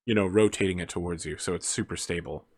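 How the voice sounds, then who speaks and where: A man's voice: low voice, fast talker, no echo. A man narrating as game master, in a casual, joking way with many fillers.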